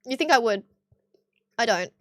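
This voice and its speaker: A woman's voice: fairly high pitch, lively intonation, normal speed, noisy background. A young woman with an Australian accent chatting bluntly with her stream viewers, swearing often. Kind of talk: casual chat with stream viewers.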